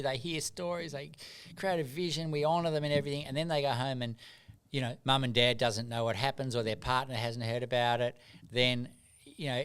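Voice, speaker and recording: A middle-aged man speaks as a podcast guest, telling earnest, animated stories and often restarting his sentences. His voice is smooth and resonant, sitting at an everyday pitch. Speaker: guest, doctor and rites of passage mentor. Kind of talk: reflective storytelling in podcast conversation.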